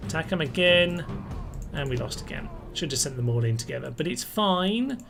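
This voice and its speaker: Animated and gravelly at a moderate pace, a man thinks out loud over a strategy game, wryly and casually remarking on setbacks that mildly irritate him. Behind him are faint music and the low hum of air conditioning.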